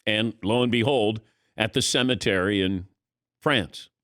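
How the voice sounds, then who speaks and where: A man's voice: lowish voice, a little slow, dry recording, studio quality. A man hosting a sports talk radio show, telling a story and acting out the dialogue in casual chat. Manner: animated storyteller, acts out dialogue. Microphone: studio microphone.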